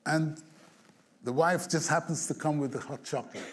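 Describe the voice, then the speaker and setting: A man, a songwriter being interviewed, telling an anecdote in an animated way, acting out the scenes, humming bits of tunes and chuckling along. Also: a little high, normal speed, a little hiss or hum. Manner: animated storyteller who acts out scenes and hums tunes; chuckles through his stories. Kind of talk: storytelling anecdote.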